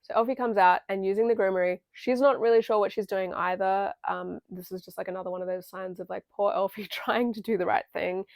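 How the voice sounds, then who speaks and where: A young woman giving a chatty, casual film analysis with a strong vocal fry. She talks loosely, with lots of fillers and offhand swearing. The recording is dry and close, with no room sound. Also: medium pitch, fairly even intonation, fairly quick, few pauses, no echo. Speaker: video essay creator.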